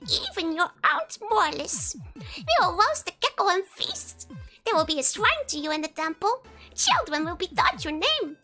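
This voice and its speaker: A woman voicing a pleased, mischievous elderly village woman in a slow, drawn-out, raised old-lady voice, reading a game text in character. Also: very high voice, sing-song, sharp tone, faint music behind, pitched above the performer's own voice, heavily acted.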